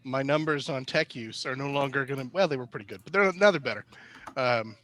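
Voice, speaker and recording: A man's voice: mid-range voice, a little fast, a bit bright. Playful man chatting as a game player. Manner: joking, playful. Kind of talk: casual chat in a tabletop game.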